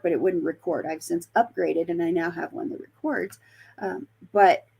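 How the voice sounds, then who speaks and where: A Colorado woman who investigates the paranormal chats as a guest in a casual storytelling interview, full of fillers and restarts. Her voice is medium-pitched, creaky and husky.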